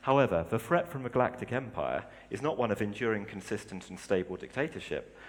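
A man's voice: on the low side, expressive, fairly quick. A man giving a sermon, reading story passages aloud and explaining them plainly. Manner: reads aloud expressively, then explains plainly. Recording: long hall reverb.

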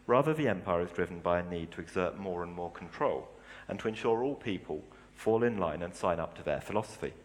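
Man, preacher, sermon with story readings, low pitch, long hall reverb. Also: animated, fairly quick. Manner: reads aloud expressively, then explains plainly.

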